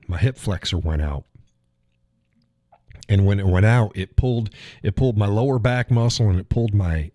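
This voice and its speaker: Man, low mellow voice, casual rambling chat, swears and chuckles, dry close sound. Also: dry recording. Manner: rambling, profane storytelling with chuckles. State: recovering from a leg injury. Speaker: live stream host. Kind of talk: casual chat reading viewer comments.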